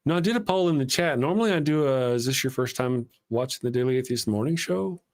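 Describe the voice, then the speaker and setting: A man hosting a casual live stream, talking in a loose, rambling way. He is at a middle pitch and reads out viewer messages between asides about losing track of the show. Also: animated, quick pace. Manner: rambling, self-deprecating, reads viewer super chats aloud. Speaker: co-host of a live atheist talk show.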